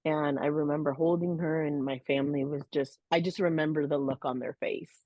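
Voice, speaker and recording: Woman with a low voice telling her own story on a podcast, earnest, lots of "you know", kinda dull dry audio. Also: fairly even intonation, fairly quick, dry recording. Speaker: podcast co-host. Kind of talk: personal storytelling, casual podcast talk. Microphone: podcast microphone.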